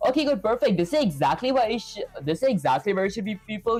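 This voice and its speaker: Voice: mid-range voice, sing-song, fast, few pauses, a little mellow. Streamer thinking aloud over faint music. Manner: thinks aloud, fills gaps with "okay" and "let's go ahead". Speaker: live coding streamer. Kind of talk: casual live-stream tutorial commentary.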